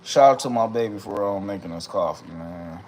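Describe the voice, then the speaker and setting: A man giving a profane, animated sports rant from home in a casual vlog, swearing and laughing often. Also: lowish voice, normal speed, background noise. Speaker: vlogger. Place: home room.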